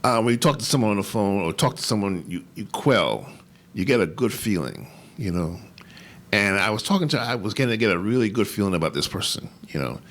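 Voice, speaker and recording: Guy telling a heartfelt story at a panel, lots of ums and restarts, kinda low but bright voice. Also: animated. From New York. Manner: halting, emotional, many restarts and fillers. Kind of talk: personal storytelling. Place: conference hall.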